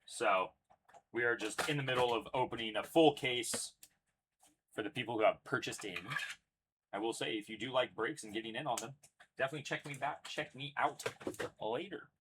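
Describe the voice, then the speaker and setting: A man's voice: mid-range voice, normal speed, noisy background. A young man casually announcing each card pulled as he hosts a live card break, chatty and upbeat. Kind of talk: live card-opening commentary.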